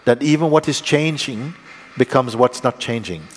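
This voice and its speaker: A man giving a spiritual satsang talk, speaking slowly and reflectively with plain words and halting pauses. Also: medium pitch, in a large hall, a little hiss or hum. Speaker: spiritual teacher.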